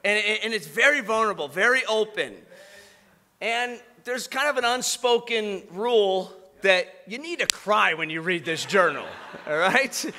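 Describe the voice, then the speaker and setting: A man with a high, very bright and piercing voice delivers a sermon. He tells a personal story, then builds to fervent preaching. A long reverb trails each phrase in the big church hall. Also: animated, measured pace.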